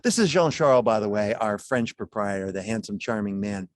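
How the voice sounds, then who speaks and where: A man's voice: on the low side, lively intonation, a little fast, slight background noise. Chatty man presenting wines on a video call. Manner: chatty, folksy, chuckles while he talks. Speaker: wine presenter at a charity gala.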